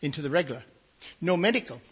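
An older man preaching his own testimony, with a husky, slightly breathy voice. He tells his story in a folksy way and slips into other people's voices as he goes. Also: on the high side, expressive, fast talker. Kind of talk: testimony sermon.

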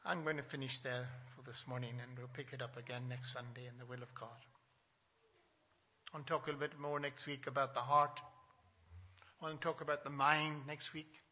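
A male pastor preaching a Sunday sermon to his small congregation, reading scripture with emphasis and asking questions, swinging from loud to soft. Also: mid-range voice, level tone, normal speed.

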